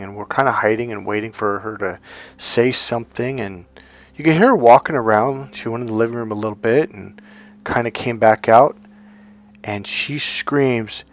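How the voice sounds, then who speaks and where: A dating coach tells a personal story in a medium-pitched male voice, with faint music underneath. He rambles in a conversational way, circling back and restarting his sentences.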